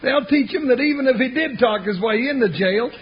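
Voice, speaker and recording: An actor playing a jittery, fussy cowboy sidekick in a 1950s radio western, with a squeaky voice. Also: male voice, a little fast, breathy edge, exaggerated voice. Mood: gloating. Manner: squeaky, fussy, frets aloud. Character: jittery high-voiced cowboy sidekick, middle-aged man. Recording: hissy, dull old radio broadcast.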